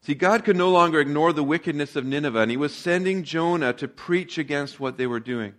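A male pastor preaching a sermon in a relaxed, conversational storytelling way. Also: fairly high pitch, a little fast.

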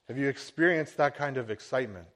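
A man's voice: medium pitch, quick pace, a bit bright. A middle-aged man preaching a sermon as a pastor, earnest and building to emphatic swells.

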